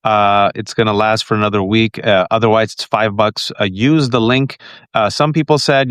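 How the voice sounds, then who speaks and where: A man's voice: lowish voice, normal speed, a bit bright, clear, resonant tone, no echo, studio quality. A man in his forties hosting a political podcast, casual and joking, full of "uh" fillers. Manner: joking, rambling, many "uh" fillers. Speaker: podcast host.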